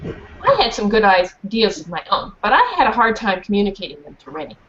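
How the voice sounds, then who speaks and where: A woman's voice: mid-range voice, big pitch swings, a little fast, fairly bright tone. A woman reading a children's storybook aloud in a classroom, stopping to ask the children questions and check that they understand. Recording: dull muffled recording with faint hiss.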